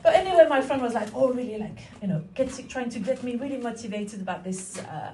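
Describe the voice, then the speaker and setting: Stand-up, woman, 40s, slightly high voice, dry mock-innocent delivery; roomy distant mic, crowd laughing. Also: expressive, fast, mellow. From France. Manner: wry, mock-innocent, rhetorical asides. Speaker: stand-up comedian. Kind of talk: stand-up comedy set. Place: comedy club stage. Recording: echoey room, mic at a distance. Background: audience laughter.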